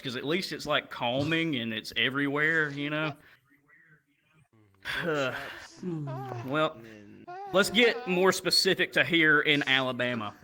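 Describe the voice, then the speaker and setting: A man telling a stand-up story, acting out the people in it with shifting voices. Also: a little high. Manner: animated, acts out characters with shifting voices. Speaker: stand-up comedian. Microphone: VR headset mic. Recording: live crowd audible. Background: crowd laughter.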